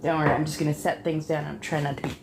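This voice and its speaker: A low, creaky voice with little pitch movement races along as this ASMR streamer chats casually from her apartment over background noise. She swears, turns dramatic, and sometimes drops to a whisper.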